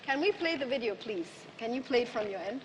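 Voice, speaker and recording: A woman's voice: a little high, animated, fairly quick, heavy background noise. A woman giving a conference speech, punchy and rhetorical with lots of repetition. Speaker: keynote speaker. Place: large conference hall. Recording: hall reverb from the PA.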